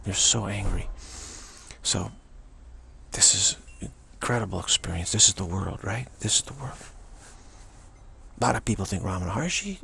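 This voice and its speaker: A man's voice: on the low side, moderate pace, creaky, pauses often, slight background noise. A man giving an informal spiritual talk as a teacher, telling stories with animation and often repeating and restarting his words. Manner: animated storyteller, acts out other people's voices.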